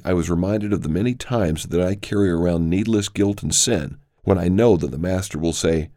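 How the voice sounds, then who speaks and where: A man reading a daily devotional aloud in a measured, earnest storytelling manner. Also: low-pitched, dark tone. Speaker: devotional reader.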